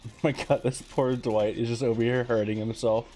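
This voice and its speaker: A woman's voice: very deep voice, little pitch movement, a little fast, mellow. A woman streamer giving live gameplay commentary, laughing often and swearing freely.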